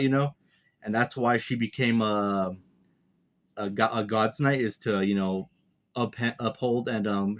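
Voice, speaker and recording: Rambling man reviewing a manga chapter. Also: medium pitch. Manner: rambling, many fillers and restarts; speculative, thinking aloud. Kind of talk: casual commentary.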